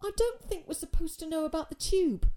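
A woman's voice: very high-pitched, fairly quick, warm tone, voice pushed up. A woman reading the part of an earnest, literal-minded teenage boy who speaks plainly and insists on the facts. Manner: plain, matter-of-fact, insistent.

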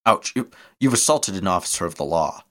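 A man's voice: low voice, lively intonation, a little fast. A man reading aloud and voicing a stern, weary male sheriff turned outlaw. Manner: stern, tired.

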